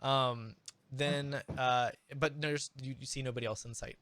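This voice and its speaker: A man narrating as game master in a halting, casual way. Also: mid-range voice, steady tone, fairly bright tone, no room sound. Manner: halting, many fillers and restarts.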